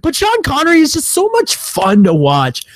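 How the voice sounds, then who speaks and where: A man's voice: very high voice, huge pitch swings, normal speed, dry recording, studio quality. A young man co-hosting a casual movie review podcast, swearing often and acting out silly quotes. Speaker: podcast co-host.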